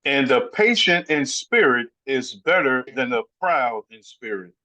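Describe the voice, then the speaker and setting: A man reading Bible verses aloud in a measured way during a sermon. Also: mid-range voice, sing-song, pushed and bright. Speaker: scripture reader. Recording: dull lo-fi recording.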